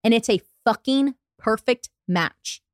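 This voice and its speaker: A woman's voice: a little high, unhurried, no echo, studio quality. A young adult woman hosting a podcast, telling a true-crime story in a casual, profane, chatty way and acting out the quotes. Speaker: podcast host.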